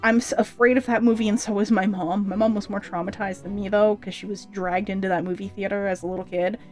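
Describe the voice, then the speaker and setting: Young woman streamer, chatty and rambly, fillers everywhere, mid-pitched, faint music behind. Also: fairly even intonation, quick pace. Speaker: streamer debuting a vampire persona. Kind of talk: casual livestream chat.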